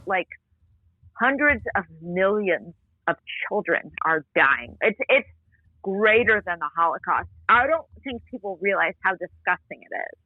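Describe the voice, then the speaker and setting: A young woman co-hosting a talk show, chatty and animated, swearing freely. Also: medium pitch, no echo. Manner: animated, swearing, laughing often. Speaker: co-host. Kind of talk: casual chat. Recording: dry, phone-like line.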